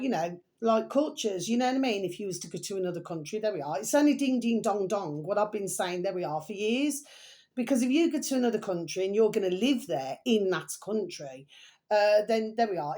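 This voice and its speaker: A woman's voice: mid-range voice, a little mellow. A woman talking in a rambling, chatty monologue to her viewers, often addressing them with pet names. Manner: chatty, meandering, keeps calling viewers her delicious little babies. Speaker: vlogger.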